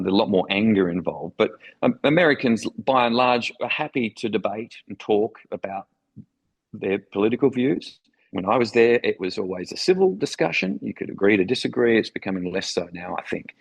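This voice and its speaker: A man's voice: lowish voice, creaky, husky, poor audio. A middle-aged man from Australia with an Australian accent, a former foreign correspondent telling vivid stories with enthusiasm in an interview. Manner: enthusiastic, vivid anecdotal storytelling. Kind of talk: storytelling interview.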